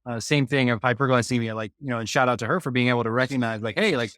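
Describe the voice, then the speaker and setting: A man's voice: mid-range voice, very fast, a bit bright, no room sound, studio quality. Earnest rambling male podcast host. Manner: earnest, rambling, many fillers. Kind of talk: casual podcast conversation.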